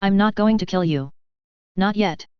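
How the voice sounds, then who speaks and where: A reader voicing a cruel, taunting male vampire who speaks with slow menace, on a slightly dull recording. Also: medium pitch, clean tone, no room sound, lightly acted. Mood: menacing. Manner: menacing, mocking.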